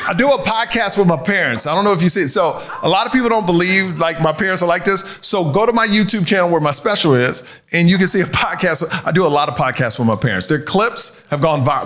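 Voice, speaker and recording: A man doing a stand-up set on stage, an animated storyteller who laughs as he talks. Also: fairly high pitch. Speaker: stand-up comedian. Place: comedy club stage before a live audience. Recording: live set with audible crowd noise.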